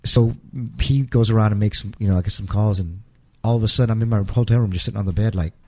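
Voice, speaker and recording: Haltingly, a middle-aged interview guest recounts an emotional episode from his life, repeating words and acting out the things people said. He speaks on the low side in a dark, steady tone.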